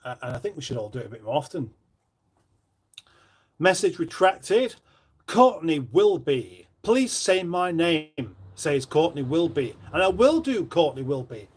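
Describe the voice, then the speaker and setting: A man chats his way through a live stream from his kitchen, his voice sitting a little higher than most men's. He reads viewer messages aloud and answers them in a rambling, dry and self-mocking way. He sounds middle-aged and easygoing. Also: very animated, a little slow, breathy edge. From northern England. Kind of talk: casual live stream chat, reading out viewer comments. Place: home kitchen.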